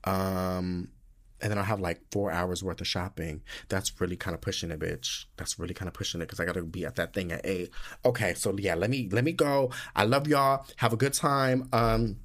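A young man hosting his own podcast in casual solo chat, sassy and dramatic, talking loosely and jumping into high squeals when he gets emotional. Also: steady tone, moderate pace, a bit bright. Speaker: podcast host.

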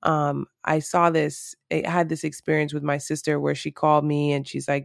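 A woman's voice: low-pitched, flat delivery, moderate pace, gravelly, hardly any pauses, no room sound, clean studio sound. A woman talking to camera in a casual, reflective monologue, earnest and rambling with lots of fillers.

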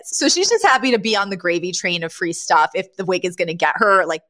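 Lively woman co-hosting a chat. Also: fairly low pitch, quick pace, few pauses. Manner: animated, acts out scenes with laughter. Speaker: podcast co-host. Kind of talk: casual recap chat.

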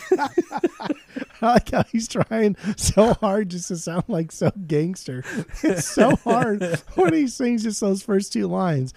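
A man co-hosts a casual podcast, joking and swearing with his friend. His slightly high voice swings up and down a lot, and the sound is dry and close. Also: takes it slowly, gravelly, dry recording. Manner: animated, swearing, playful, breaks into silly voices. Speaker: podcast co-host.

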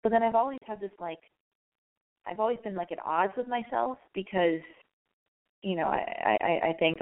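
A woman hosting a casual call-in radio advice show, raspy and hoarse from losing her voice, talking candidly in a rambling way and swearing freely. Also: medium pitch, lively intonation, moderate pace, long pauses, phone-quality sound.

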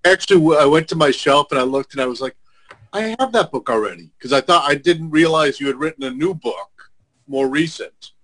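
A man's voice: fairly high pitch, fairly quick, fairly bright tone, rough recording. A man chatting casually as a guest on a video call. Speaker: show guest. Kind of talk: casual chat.

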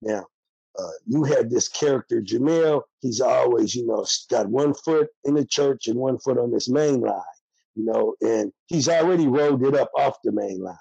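An older man talks bluntly in a candid interview, streetwise and heated. His voice is gravelly and dark with a husky edge. The sound is close and dry. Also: mid-range voice, moderate pace, no echo, dull audio. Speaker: interviewee, former prisoner.

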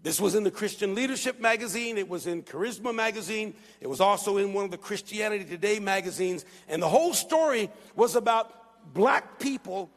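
Male pastor, sermon, high-pitched and emphatic, long hall reverb. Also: fairly quick. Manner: emphatic, repetitive, preaching at a shout.

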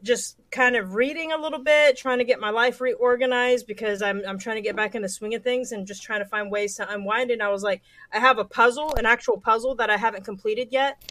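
A young woman chats as a guest on a casual livestream. Her voice is very bright and slightly high. She rambles and hesitates, with many fillers. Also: fairly quick, hardly any pauses, no echo.

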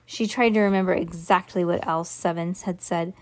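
Reading a children's book aloud at a moderate pace, a woman with a lowish, steady voice occasionally stumbles over words and fixes them mid-reading.

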